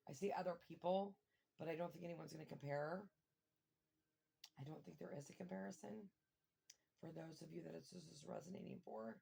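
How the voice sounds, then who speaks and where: A woman giving a casual tarot reading, thinking aloud and breaking into excited exclamations and mild swearing. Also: deep voice, fairly quick, gravelly, long pauses, breathy edge. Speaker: tarot reader.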